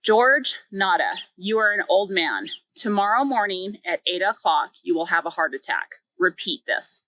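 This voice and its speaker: A woman reading as slow, sinister reptilian aliens. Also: medium pitch, expressive, pushed and bright, dry recording. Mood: commanding.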